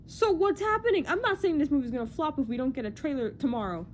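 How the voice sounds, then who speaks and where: A young woman chatting casually in a vlog about movie news, excitable and rambling, often self-deprecating and full of "like". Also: sits high, fast talker, slight background noise.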